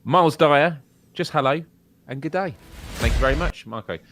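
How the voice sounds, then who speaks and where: A man's voice: on the high side, moderate pace, fairly bright tone, no echo. A British man co-hosting a gaming podcast, joking and laughing often in casual chat. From United Kingdom. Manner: jokey, laughs often, chatty. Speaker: podcast co-host.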